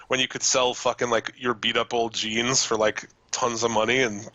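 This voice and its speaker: Male podcast co-host, bright tone, dry close sound; loose, profane, quick to laugh. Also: medium pitch, flat delivery, no echo, dull audio. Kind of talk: casual wrestling chat.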